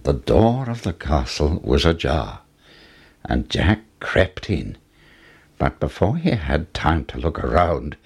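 A man reading a fairy tale aloud with very expressive, swooping delivery. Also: creaky, slightly rough. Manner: very expressive, swooping pitch, slow. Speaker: storyteller. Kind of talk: storybook narration.

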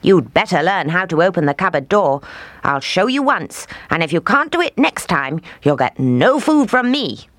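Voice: mid-range voice, big pitch swings, moderate pace, fairly bright tone, no echo, pitched above the performer's own voice. A storyteller voicing a bossy, scheming old witch who snaps and scolds. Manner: snapping, snarling, scolding.

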